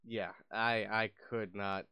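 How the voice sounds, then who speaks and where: A young man chats about consoles and games with his co-host, reacting easily and swearing now and then. His voice is bright and smooth. The recording is dry and close. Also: fairly low pitch, steady tone, slow, no room sound. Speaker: podcast co-host. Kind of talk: casual gaming chat.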